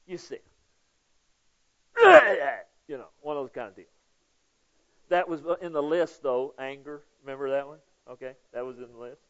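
A man's voice: mid-range voice, fairly even intonation, brisk. Lo-fi recording of a conversational preacher man. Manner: conversational preaching, with frequent "okay?" checks to the congregation; swings between loud emphasis and hushed prayer. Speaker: pastor. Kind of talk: sermon.

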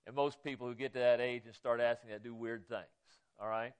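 A middle-aged man preaching a sermon, conversational, often asking his listeners questions and swinging between loud emphasis and quiet asides. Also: medium pitch, fairly even intonation, brisk, clean tone. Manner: conversational, asks the congregation questions. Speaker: pastor.

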